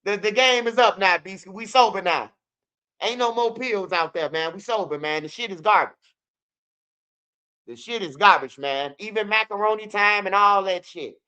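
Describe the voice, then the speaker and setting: High bright-voiced man ranting. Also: normal speed, clear, resonant tone, muffled recording. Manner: loose, blunt, profane rant with repeats and mock rapping. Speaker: commentary channel host. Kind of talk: casual street news commentary.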